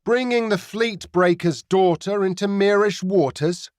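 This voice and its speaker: A man's voice: high voice, a little slow, darkish tone, dry recording, studio quality, voice pushed up. A man voicing a sardonic grey-haired woman pirate captain. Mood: mocking. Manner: mocking, commanding. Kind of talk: audiobook character voice.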